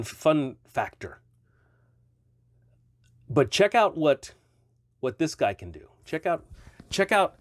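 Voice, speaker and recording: A man's voice: medium pitch, no echo, clean studio sound. A man casually reviewing stretchy toy figures, chatty and rambling, often correcting himself mid-sentence.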